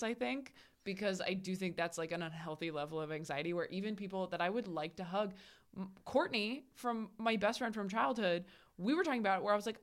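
A woman's voice: medium pitch, fairly quick. A young woman comedian, a podcast guest, telling stories in casual chat and acting out what friends said. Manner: animated storyteller acting out quoted friends.

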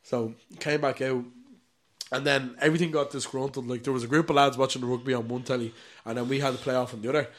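A man's voice: mid-range voice, steady tone, fast. Irish man telling pub stories. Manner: storytelling, laughs often, swears casually. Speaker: podcast co-host. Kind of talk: casual chat.

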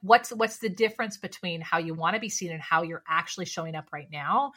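A woman who works as a speaking coach appears as a podcast guest, talking in a lively, casual manner and firing off rhetorical questions. Her voice is lowish and her delivery brisk.

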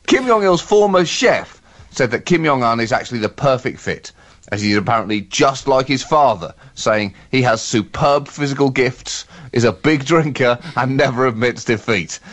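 A man co-hosts a comedy podcast with a medium-pitched voice. His satirical banter is brisk and sardonic, and he often laughs at his own jokes. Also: animated.

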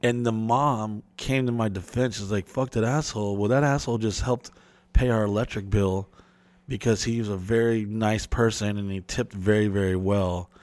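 A man's voice: fairly low pitch, fairly even intonation, normal speed, darkish tone, no room sound. A man hosting a podcast, telling rambling, profane stories in casual chat and acting out the people in them. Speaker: podcast host.

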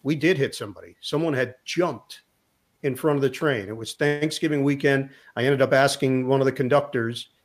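A middle-aged man and sports broadcaster, a guest telling a lively anecdote in an interview, acting out the lines of the people in his story. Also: mid-range voice, normal speed. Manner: lively anecdote teller who acts out quotes.

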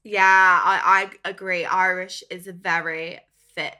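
A young woman co-hosting a casual chat podcast, playful and chatty and quick to laugh. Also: lowish voice, flat delivery, sharp tone, clear, resonant tone. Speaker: podcast co-host.

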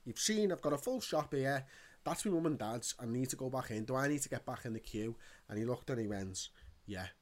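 A man telling a story in casual chat, animated and ranting, swearing often. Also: medium pitch, fairly quick.

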